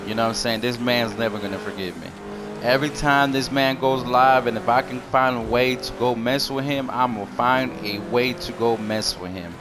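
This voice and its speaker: A man's voice: mid-range voice, moderate pace, background noise. A man ranting casually to his viewers in a heated, repetitive way, full of slang. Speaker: gaming YouTuber. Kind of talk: casual rant to camera.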